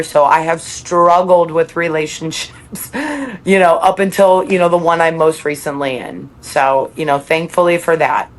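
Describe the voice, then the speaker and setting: A woman with a fairly low-pitched voice appears as a podcast guest, talking candidly and reflectively. She laughs between thoughts and quotes the things she tells herself.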